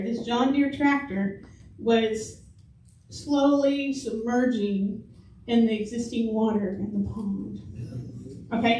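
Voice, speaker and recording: A woman's voice: a little high, darkish tone, a little hiss or hum. A middle-aged woman giving a chatty storytelling sermon at church, laughing often as she talks. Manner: chatty, laughs often while telling stories. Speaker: speaker at a church service. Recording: echoey church hall from a distant mic.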